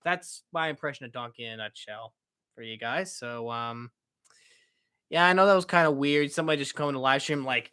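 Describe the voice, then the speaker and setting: A man's voice: a little high, normal speed, sharp tone, smooth. A young man hosting a casual live-stream Q&A, answering chat questions in an upbeat, rambling way with many fillers and self-corrections.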